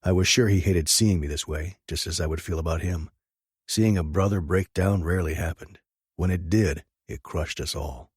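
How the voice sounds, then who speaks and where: Deep husky male audiobook narrator. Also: moderate pace, no echo, clean studio sound. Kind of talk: first-person audiobook narration.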